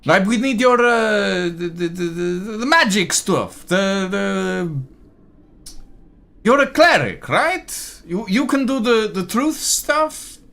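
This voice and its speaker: A man's voice: high voice, animated, slow pace, vocal fry, fairly bright tone, voice pushed up, full character voice. A man voicing a bumbling male city councilman who stammers and fumbles for words. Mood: fumbling.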